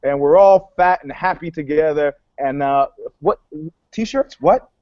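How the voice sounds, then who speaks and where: Panelist, male, a bit high-pitched, wry storyteller; dry, dull lo-fi recording. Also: no echo. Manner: animated, wry, quick to joke. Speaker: podcast panelist. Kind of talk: casual chat, storytelling.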